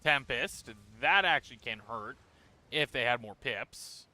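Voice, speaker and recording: A man streaming a video game, talking through his moves in a relaxed, casual way, a little tired. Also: mid-range voice, measured pace. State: tired, yawning. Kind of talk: casual gameplay commentary.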